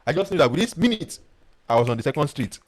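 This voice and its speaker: A man, a life coach teaching a webinar and telling personal stories in an animated way. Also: fairly high pitch, quick pace, low-quality recording. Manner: animated storyteller who reads out viewer comments.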